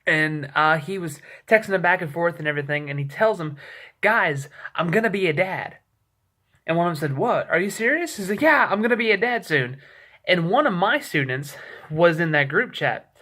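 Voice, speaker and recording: A young male vlogger rambles casually through a story into his camera mic, correcting himself and acting out the people and texts he quotes. His voice sits high and is animated, bright and forceful, at a normal speed.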